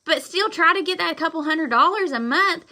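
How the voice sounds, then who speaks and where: A woman giving a live-stream pep talk to her sales team, loud, emphatic and blunt but apologetic, rambling as she goes. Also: extremely high pitch, animated, normal speed. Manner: loud and fired up, talks emphatically. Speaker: direct-sales consultant.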